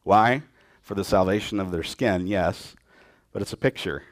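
Animated male preacher acting out scripture. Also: sits low, normal speed, no echo, clean studio sound. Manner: lively storytelling, acts out quotes in voices. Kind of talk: sermon.

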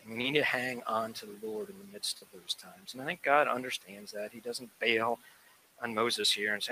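A man preaches a sermon with a very bright, forward tone. His delivery is animated, acting out quoted voices and swelling loud on key lines. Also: medium pitch, normal speed, slightly rough, low-quality recording. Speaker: pastor.

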